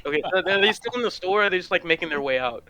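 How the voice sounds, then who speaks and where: A man taking part as a player in a casual tabletop game, playful and quick to laugh. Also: high voice, animated, sharp tone, dry recording.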